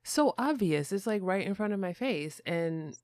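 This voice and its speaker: A woman's voice: mid-range voice, animated, moderate pace, darkish tone, dry recording, clean studio sound. A woman hosting a podcast, asking curious, rambling questions with casual fillers. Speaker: podcast host. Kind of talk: conversational interview.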